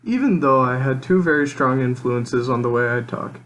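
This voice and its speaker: A young college man from Nebraska talks in a Midwestern accent with a strong Minnesotan lean. His scripted narration is relaxed and plainspoken, in a voice of middling pitch. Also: normal speed, low-quality recording. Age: young adult. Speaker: college student.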